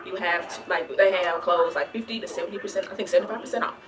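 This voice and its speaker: A woman's voice: lowish voice, quick pace, crowd noise. A young woman from the American South answering viewer questions in a chatty, rambling vlog, full of restarts and "like". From Southern United States. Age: young adult. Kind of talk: casual Q&A vlog.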